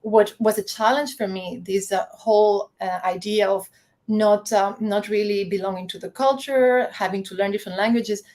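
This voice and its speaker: A woman's voice: medium pitch, steady tone, moderate pace, a little mellow. A woman from the Canary Islands, a guest in a casual interview, speaking reflectively with frequent restarts. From Canary Islands, Spain. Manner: reflective, many restarts and reported dialogue.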